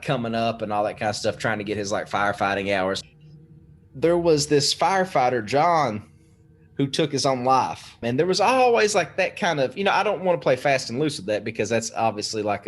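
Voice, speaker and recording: A man's voice: medium pitch, a bit bright. A young man casually telling a spooky story on a podcast, swearing freely and laughing as he goes. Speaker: podcast guest.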